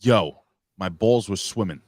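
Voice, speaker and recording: A man's voice: on the low side, unhurried, a little mellow, no echo, studio quality. A man, co-hosting a casual podcast and telling a rambling, profane story. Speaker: co-host.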